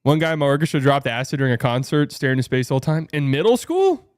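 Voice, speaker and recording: A man's voice: on the high side, sing-song, rapid-fire, a little mellow. A young man hosting a casual livestream, rambling through a story, laughing often and swearing. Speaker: streamer and show host.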